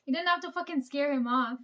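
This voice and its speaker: Young woman, high voice; loose, profane storyteller who laughs often. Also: sharp tone. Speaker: vlogger. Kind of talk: casual storytelling.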